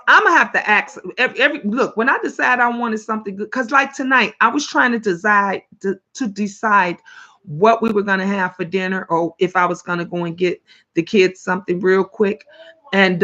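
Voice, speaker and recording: A woman from Illinois with a Chicago accent, hosting a casual livestream chat, animated and chatty, laughing often and reading viewers' comments aloud. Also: medium pitch, normal speed. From Illinois, USA. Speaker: livestream host. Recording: lo-fi webcam audio.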